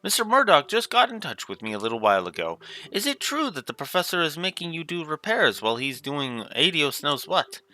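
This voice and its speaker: A man's voice: a little high, sing-song, fairly quick, few pauses, pushed and bright, pitched above the performer's own voice, heavily acted. A man voicing a chatty elderly woman innkeeper in homespun old-fashioned phrases, reading game dialogue aloud. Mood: fond. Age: older. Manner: homespun old-fashioned sayings, fussing over the girl.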